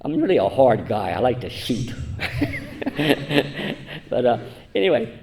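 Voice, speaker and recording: A man's voice: mid-range voice, sing-song, unhurried, gravelly, dark tone. A man in his seventies giving a rambling, self-mocking personal talk at a church conference, chuckling often. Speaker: conference speaker.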